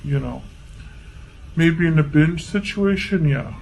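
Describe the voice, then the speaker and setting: A woman voicing a slow, deep-voiced alter ego of herself, answering her own question in a deadpan drawl. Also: creaky, exaggerated voice, rough recording.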